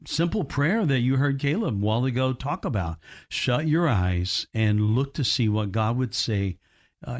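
A man hosting a faith talk show, speaking in an earnest, slow, prayerful way. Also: medium pitch. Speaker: podcast host.

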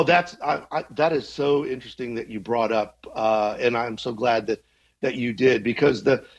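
This conversational interview features a journalism teacher in his fifties as the guest, his husky, gravelly, medium-pitched voice wandering thoughtfully as he restarts sentences and occasionally chuckles. The sound quality is dull and lo-fi.

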